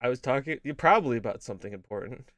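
A man co-hosting a casual gaming stream show, rambling and riffing in deadpan mock-spy bits. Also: mid-range voice, very fast, crowd noise. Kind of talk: casual joking chat.

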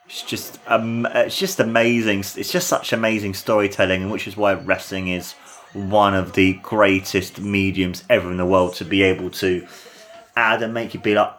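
A young man giving an excited watch-along commentary and review of a wrestling match, gushing and enthusiastic, with lots of fillers. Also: lowish voice, moderate pace.

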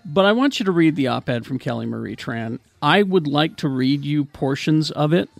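A podcast host with a gravelly, fry-edged voice that sits a bit high for a man. He chats casually and easily, and the sound is close and dry. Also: expressive, moderate pace, no echo. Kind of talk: casual chat.

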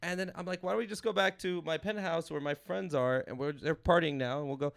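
A man in his thirties from Los Angeles, a comedian hosting a podcast, telling a rambling story with animated energy and laughing as he goes. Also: on the high side, quick pace, vocal fry. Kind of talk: casual storytelling chat.

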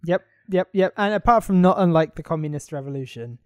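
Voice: mid-range voice, animated, brisk, darkish tone, dry recording. A podcast co-host in casual book-review chat, exasperated and swearing, at times joking in a mock German voice.

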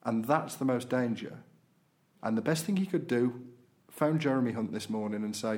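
A man's voice: mid-range voice, normal speed, a little mellow. A man hosting a podcast, chatting casually through local and political news with frequent fillers. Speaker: podcast host.

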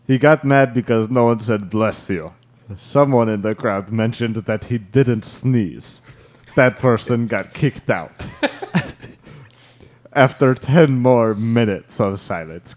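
A man hosting a podcast, reading out a listener's story in a slow, deadpan way and chatting with his co-hosts. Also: on the low side. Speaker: podcast host.

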